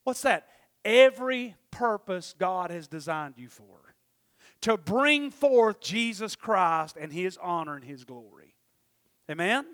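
A man preaching a sermon in church, emphatic, swinging from loud exclamations to quiet murmurs. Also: sits high, lively intonation, takes it slowly. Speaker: pastor.

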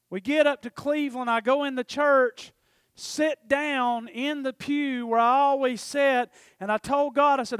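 A man preaching a testimony, storytelling with passion and swinging from loud to hushed. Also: very high voice, smooth, no echo, studio quality. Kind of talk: sermon testimony.

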